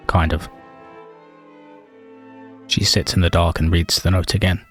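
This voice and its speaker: A man's voice: deep voice, little pitch movement, measured pace, faint music behind. A man narrating his game playthrough as a mock-tragic story, with dry humour. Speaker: let's play host.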